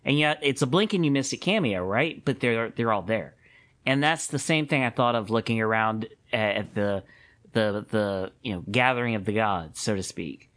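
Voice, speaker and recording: A man co-hosting a podcast in casual chat, animated and quick to laugh, often restarting his sentences. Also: fairly low pitch. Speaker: podcast co-host.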